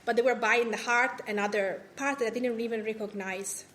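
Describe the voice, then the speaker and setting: A woman's voice: a little high, steady tone, brisk, a bit bright, slight background noise. A woman from Italy with an Italian accent, a food writer and podcast host talking on a live panel, chatty, with many fillers and restarts. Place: cultural association event room.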